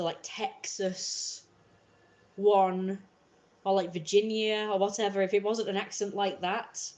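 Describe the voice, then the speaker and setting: A woman's voice: fairly low pitch, darkish tone. A woman with an English accent chatting casually on a livestream, rambling and filling her talk with "like" and restarts. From England. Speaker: livestream host. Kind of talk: casual live-stream chat.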